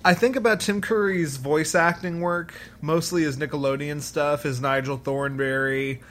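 A man with a slightly higher voice co-hosts a casual podcast, quick to joke and laugh. His talk is relaxed and chatty. A faint hiss of noise sits under the recording. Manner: jokey, laughs easily. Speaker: podcast co-host. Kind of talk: casual chat.

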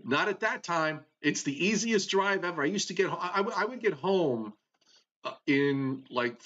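A man co-hosting a weather show, chatting casually in a relaxed, halting way with many restarts. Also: on the high side. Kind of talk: casual chat. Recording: dull lo-fi sound.

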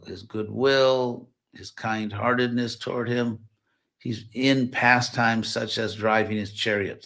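A low-voiced man teaches a scripture class at a slow, measured pace. He unpacks Sanskrit words one by one, pausing to explain each. His voice has a gravelly edge. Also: fairly bright tone.

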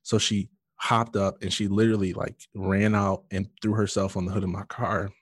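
A man's voice: lowish voice, flat delivery, normal speed, breathy edge, no room sound, clean studio sound. A man earnestly telling an emotional personal story in conversation, with many fillers and restarts. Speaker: guest sharing his testimony.

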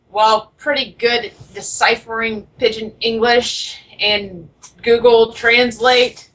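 A woman hosting a casual call-in radio show, talking in a quick, rambling, self-aware way. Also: a little high, bright, forceful tone. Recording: voice from far off the mic.

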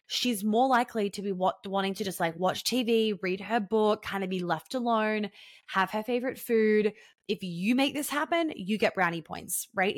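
A young woman talks casually on a podcast at an ordinary pitch, frank and chatty, now and then acting out the voices of people she quotes. Her voice is recorded close and dry, with no room sound. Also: dry recording. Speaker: podcast guest.

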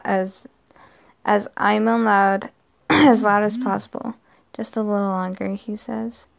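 Creaky-voiced woman reading a story. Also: mid-range voice. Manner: plain reading with frequent slips and restarts. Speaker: story reader. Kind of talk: first-person story narration.

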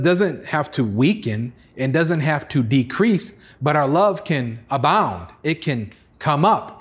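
A man preaching a sermon as pastor, earnest, acting out voices with sudden rises in pitch. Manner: earnest preaching, acts out God's pleading voice, rises high for excited lines.

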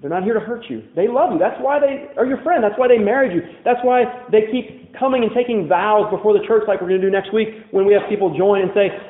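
A man's voice: high voice, quick pace, few pauses, reverberant, narrow, tinny audio. A man preaching a sermon as a pastor, telling candid personal stories in a conversational way full of "like" fillers. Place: church.

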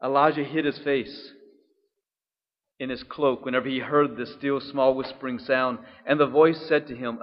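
A man's voice: a little high, brisk. A man giving a casual, jokey homily as a priest, with fillers and laughs. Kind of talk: homily at weekday Mass. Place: church. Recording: dull reverberant church sound.

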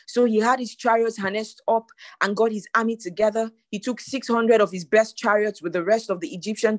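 A woman's voice: a little high, no echo. A woman reading scripture aloud and preaching from it, with dramatic, exhortative repetition. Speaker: devotional teacher.

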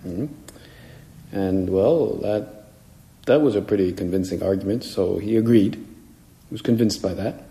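A man's voice: on the low side, a little slow, long pauses, mellow. A man, a priest, preaching a homily in a conversational way and acting out the voices he quotes. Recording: echoey hall with long reverb.

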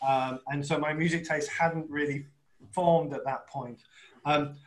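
A man's voice: fairly high pitch, fairly even intonation, unhurried, poor audio. A man co-hosting a podcast in casual chat, chatty and self-deprecating, asking long rambling questions. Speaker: podcast co-host.

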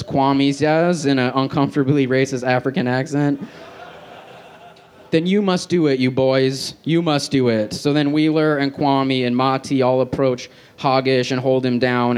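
A man reading his own crude fan fiction aloud on an outdoor festival stage, deadpan with self-aware asides. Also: medium pitch, smooth. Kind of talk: live stand-up reading.

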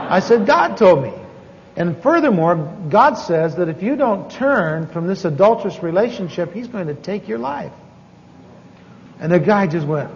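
A man's voice: high voice, animated, normal speed, darkish tone, a little hiss or hum. A man telling a story in a sermon, folksy and self-deprecating, with many asides and restarts. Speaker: preacher teaching on evangelism. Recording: dull sound with long hall reverb.

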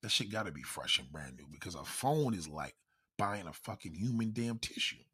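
A man ranting in a loud, profane, comedic style, constantly swearing and acting out quoted voices. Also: sits low, animated, moderate pace, husky.

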